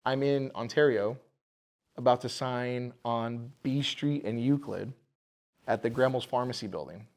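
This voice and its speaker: Man telling a lively business story. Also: mid-range voice, a little slow. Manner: animated storyteller acting out quoted voices. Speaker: bar owner, podcast guest. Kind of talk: casual storytelling interview.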